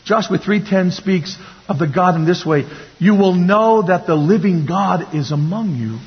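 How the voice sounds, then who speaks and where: A man's voice: high voice, lively intonation, a little slow, husky. A man preaching a sermon, emphatic and repetitive, asking the congregation to say words along with him. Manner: emphatic, repeating phrases, calls the congregation to repeat words. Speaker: pastor. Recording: dull lo-fi recording with long hall reverb.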